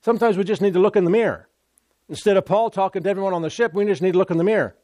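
A man's voice: sits high, very fast, no echo. Emphatic preacher man, dry close sound. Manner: emphatic, repeats words, bursts into laughter and loud exclamations. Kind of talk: sermon.

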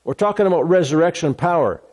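A man preaches a sermon in a fairly high voice. He presses his points by repeating phrases and often restarts mid-sentence. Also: animated, quick pace, a little mellow.

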